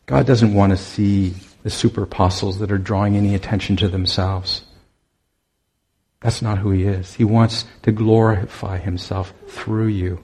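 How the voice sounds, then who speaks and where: Casting: male preacher, deep and husky, earnest exhortation with frequent pauses. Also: fairly even intonation, mellow. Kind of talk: sermon.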